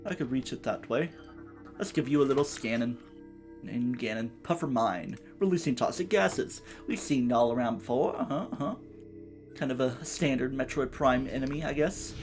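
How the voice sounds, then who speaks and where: A man streaming a game live, rambling playfully with jokey asides and reading in-game text aloud, a little far from his mic. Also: medium pitch. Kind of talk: live let's-play commentary. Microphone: a bit far from the mic.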